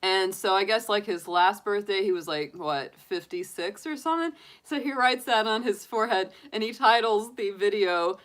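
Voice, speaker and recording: A woman's voice: mid-range voice, moderate pace, few pauses, fairly bright tone. A woman in her forties, a tarot reader chatting casually on a live stream and laughing often. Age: 40s.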